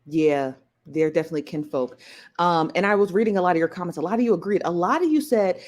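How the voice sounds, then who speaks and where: A woman hosting a live stream in a relaxed, chatty way, greeting viewers and laughing easily. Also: lowish voice, fast talker. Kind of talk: casual live stream chat.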